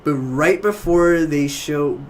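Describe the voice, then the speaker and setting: A man chatting casually on a gaming podcast, retelling game scenes in animated bursts and trailing off. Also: on the high side, slow pace, a little hiss or hum. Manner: animated storytelling, drops into quoted voices, trails off.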